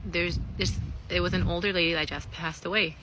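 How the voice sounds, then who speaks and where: A woman's voice: fairly low pitch, steady tone, fairly quick, noisy background. A young woman telling a story in a candid, chatty way, swearing freely and filling her speech with "like" and "you know.". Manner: candid and profane, with many fillers. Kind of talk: casual storytime vlog.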